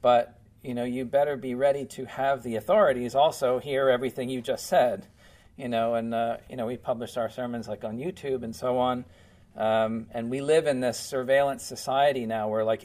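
A man's voice: medium pitch, darkish tone. Casual-talking male preacher. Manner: casual, many fillers like "you know" and "um". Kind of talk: conversational Bible teaching sermon. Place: church.

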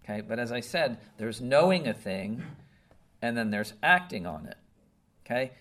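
A man's voice: medium pitch, animated, moderate pace, fairly bright tone. A man preaching a conversational sermon, earnest and emphatic, often checking in with "okay?" and "right?". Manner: earnest, emphatic, with some restarts.

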